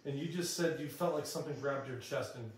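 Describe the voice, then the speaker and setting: A man's voice: mid-range voice, brisk, slight background noise. A man investigating the paranormal who keeps calling out questions to spirits in old rooms under renovation. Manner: asks questions aloud to spirits. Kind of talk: ghost-hunting vlog chatter. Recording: echoey room, mic at a distance.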